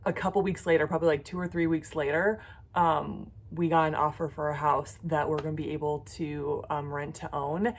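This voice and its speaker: This jewelry-making vlogger, an adult woman with a son, has a low, level voice and speaks at a moderate pace over slight background noise. Her vlog starts as relaxed craft talk peppered with ums and self-corrections before shifting into heartfelt prayer and encouragement for her audience.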